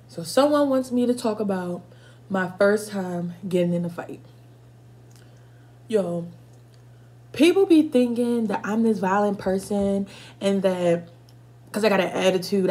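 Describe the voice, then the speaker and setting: A woman's voice: medium pitch, a little mellow. A woman in her twenties telling casual, profane stories while eating for a mukbang video, stopping now and then to react to spicy food. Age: 20s. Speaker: mukbang vlogger.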